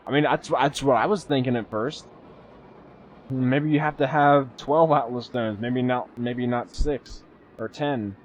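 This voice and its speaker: A man streaming live gameplay, chatty and excitable, thanking viewers and swearing casually as he plays. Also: medium pitch, a little slow, dull audio, slight background noise.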